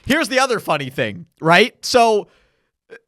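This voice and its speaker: High, bright, teasing young man. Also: a little slow, no echo, studio quality. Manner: teasing, lively, interjects often. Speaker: podcast co-host. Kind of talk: casual chat.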